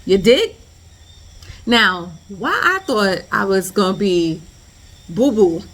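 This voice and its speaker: A woman vlogger telling a story in a lively, slangy way, full of "like" and asides to the viewer. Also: medium pitch. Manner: animated, slangy storytelling with lots of "like". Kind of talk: storytime vlog.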